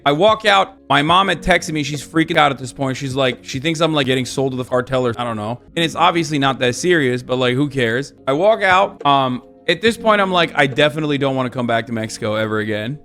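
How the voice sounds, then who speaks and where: Male streamer, slightly high voice, casual storyteller, exasperated and animated, faint music under him. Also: brisk, creaky, few pauses. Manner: animated, exasperated retelling with quoted exchanges. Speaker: livestreamer.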